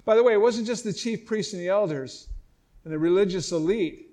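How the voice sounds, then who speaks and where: A man's voice: sits high, fairly quick, dark tone. Impassioned middle-aged male preacher. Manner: emphatic, impassioned preaching with repeated restarts. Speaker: pastor. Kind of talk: sermon, reading and explaining scripture.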